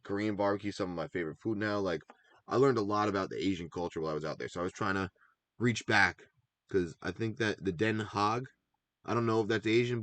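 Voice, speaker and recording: A man with a fairly low voice co-hosts a casual recap show. He rambles with enthusiasm, often wanders off on side stories, and jumps back to his picks. The recording is close and dry, with no room echo. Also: fairly bright tone. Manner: rambling, enthusiastic, goes on tangents. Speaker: podcast co-host. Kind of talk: casual chat about game picks.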